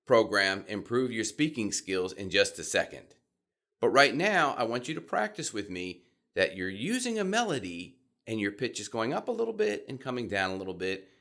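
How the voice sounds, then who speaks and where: Lively-pitched male voice coach. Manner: demonstrates pitch by swooping high and low; upbeat, encouraging teacher. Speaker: voice and speaking coach. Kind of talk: instructional video lesson.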